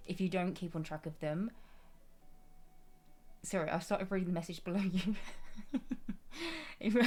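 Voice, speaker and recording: A woman's voice: lowish voice, a little mellow. A woman chatting casually with her viewers during a live stream, affectionate and familiar, greeting everyone as her darling. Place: at home at her gaming desk.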